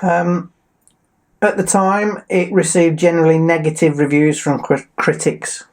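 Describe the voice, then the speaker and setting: A man's voice: on the high side, little pitch movement, a little slow. A man co-hosting a casual entertainment chat show, reading out film facts with frequent ums. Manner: chatty, reads facts with filler ums. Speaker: co-host.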